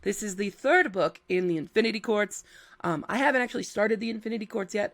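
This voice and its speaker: A woman's voice: mid-range voice, expressive, fast talker. Chatty woman with a scratchy voice. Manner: chatty and playful, thinking aloud. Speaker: book content creator. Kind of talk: casual book release roundup.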